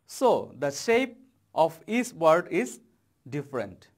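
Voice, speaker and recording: A Bangladeshi man delivering a televised English lesson to students. His voice sits high for a man, and he talks at an unhurried, measured pace, punching out the important words. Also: sing-song. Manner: slow, deliberate explaining with stressed key words. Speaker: English teacher.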